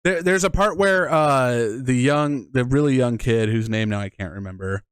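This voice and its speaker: A man's voice: medium pitch, moderate pace, clean tone, no room sound, clean studio sound. A man co-hosting a casual movie review podcast, rambling and swearing as he picks apart plot holes. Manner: rambling, profane, restarts often. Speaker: podcast co-host.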